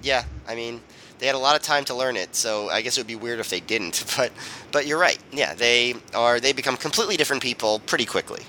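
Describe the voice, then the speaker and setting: Bright-voiced man chiming in on a podcast. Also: medium pitch, expressive, fast, a little hiss or hum, low-quality recording. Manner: chimes in with quips and mimics people. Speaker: podcast co-host. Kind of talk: casual chat.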